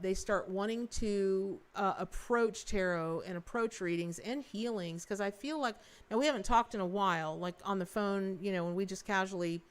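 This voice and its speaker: A woman hosting a live-stream tarot reading, talking in an effusive, rambling way with many restarts and speaking warmly to her viewers. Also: mid-range voice. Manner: folksy and affectionate with viewers. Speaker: tarot reader and livestream host.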